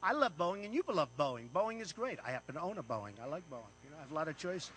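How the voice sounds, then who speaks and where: A man's voice: a little high, big pitch swings, fast talker, a bit bright, slight background noise. An American man giving a boastful, repetitive off-the-cuff speech to an audience in an event room. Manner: boastful, repetitive, punchy phrases. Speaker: paid speaker.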